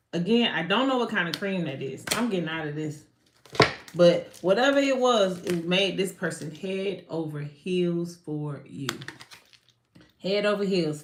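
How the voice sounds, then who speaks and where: A woman giving a live tarot reading in an animated, slangy way, swearing and often breaking off mid-sentence. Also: mid-range voice, echoey room, background noise. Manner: animated, slangy, swears, frequent self-interruptions. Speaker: tarot card reader.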